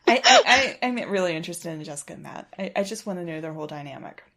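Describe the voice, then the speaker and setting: A woman co-hosts a casual podcast, riffing sarcastically and swearing freely. Her pitch swings widely, jumping high for put-on asides. She keeps the chat playful and animated. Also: fast. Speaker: podcast co-host.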